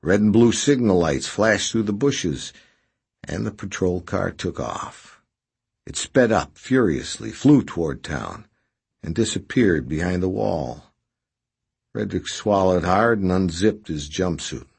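Gravelly, deep-voiced male audiobook narrator. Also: slow pace. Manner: expressive storytelling. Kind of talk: scripted narration.

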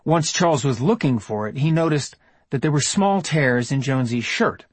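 A man reading fiction aloud as an audiobook narrator, in a steady, even storytelling delivery. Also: medium pitch, moderate pace, husky, dry recording. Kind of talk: scripted narration.

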